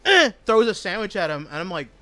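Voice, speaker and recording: A man's voice: high-pitched, fast talker, fairly bright tone. A young man chatting casually while gaming, telling a rambling, profane story full of slangy asides. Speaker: gaming streamer.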